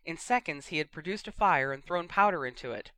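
An audiobook narrator giving a steady, expressive reading of a fiction story. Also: mid-range voice, a little fast, dry recording.

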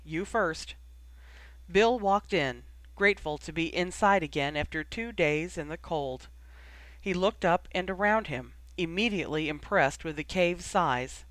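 A man narrates a story in a steady, even reading voice, pitched a little high. The recording is close and dry, with no room echo. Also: moderate pace. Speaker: audiobook reader. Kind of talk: fan fiction audiobook narration.

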